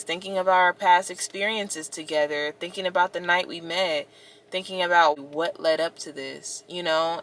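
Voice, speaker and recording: Bright-voiced young woman venting to viewers. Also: lowish voice. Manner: expressive, talks to viewers directly, many "like"s. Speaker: vlogger. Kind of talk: casual storytime vlog.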